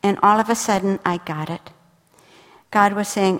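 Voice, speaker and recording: A woman's voice: medium pitch, steady tone, moderate pace, long pauses. Woman teaching scripture in a reverberant hall. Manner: intimate storytelling, drops to a soft whisper for God's words. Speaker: Bible teacher. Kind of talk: sermon.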